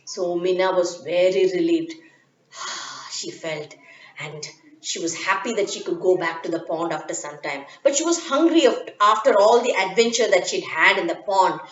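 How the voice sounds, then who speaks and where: A woman reading a children's story in an expressive, dramatic way. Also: on the low side, normal speed. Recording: echoey, dull lo-fi room.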